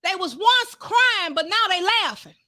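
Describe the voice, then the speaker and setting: High, bright-voiced woman preaching fervently. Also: lively intonation, unhurried, no echo. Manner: fervent, rising to shouts, calls out to the congregation. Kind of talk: sermon.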